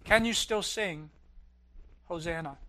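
A man preaching a sermon as pastor, swelling loud on key lines and dropping low and quiet at others. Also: slow pace.

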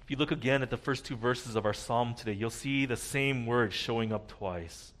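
A man preaching a sermon, earnest, rising to loud emphasis and dropping to a near hush at key points. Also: mid-range voice, normal speed. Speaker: pastor.

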